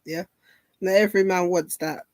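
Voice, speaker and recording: A woman's voice: fairly low pitch, steady tone, moderate pace, darkish tone, no echo. A woman speaking as a guest in a casual debate, firm and lecturing, pressing others with pointed questions.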